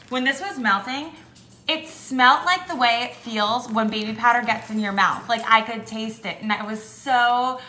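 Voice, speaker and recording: A young beauty vlogger with a sharp, medium-pitched voice reviews products casually at home with her dogs around, using lots of fillers. The room is echoey with faint background noise.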